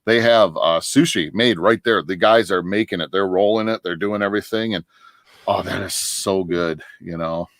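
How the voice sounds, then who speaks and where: A low-sitting male voice at normal speed, with no room sound, comes from a livestream guest. The middle-aged man from northern Michigan keeps the chat casual, telling long stories full of restarts and frequent laughs.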